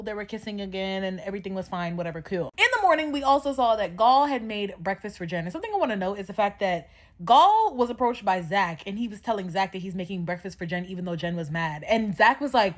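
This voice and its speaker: A woman recapping a reality show in a casual, sassy, animated way, swearing freely and laughing often. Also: on the high side. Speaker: recap vlogger.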